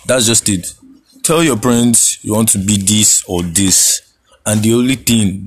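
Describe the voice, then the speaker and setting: A man's voice: lowish voice, a little hiss or hum. A young Nigerian man hosting a casual solo podcast, laid-back, laughing often and slipping into Pidgin phrases. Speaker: podcast host.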